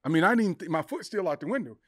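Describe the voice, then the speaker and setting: A man's voice: sits high, expressive, racing, dry recording, studio quality. A middle-aged man, a podcast guest, telling an emotional personal story with intensity, acting out the voices in his head. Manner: intense, acts out inner voices and quotes.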